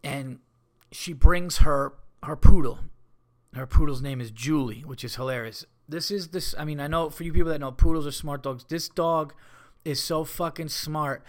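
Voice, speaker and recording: A man hosting a comedy podcast, telling rambling, profane stories in a casual, animated way. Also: on the high side, normal speed.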